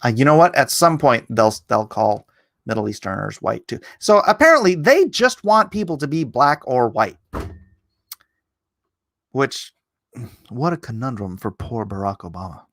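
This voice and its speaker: A middle-aged man hosting a livestream, talking in a rambling, sarcastic opinion monologue that jumps up in pitch when he gets indignant. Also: lively intonation, normal speed, fairly bright tone, dry recording, studio quality. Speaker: livestream host.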